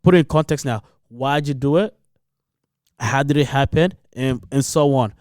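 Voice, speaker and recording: A man's voice: mid-range voice, moderate pace, a little mellow, no echo, clean studio sound. A man co-hosting a podcast in casual chat, slangy, repeating himself and checking that others follow. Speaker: podcast co-host.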